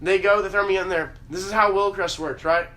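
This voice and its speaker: Fast-talking young man, bright voice. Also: high-pitched, steady tone. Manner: profane, rambling storyteller. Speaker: podcast host. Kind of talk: casual storytelling. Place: podcast room. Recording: roomy echo, faint hiss.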